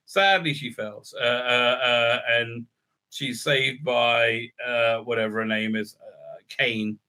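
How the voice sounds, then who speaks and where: A man's voice: mid-range voice, slow, pushed and bright. A man giving a sarcastic, profane recap review full of fillers and restarts. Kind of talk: casual ranting recap.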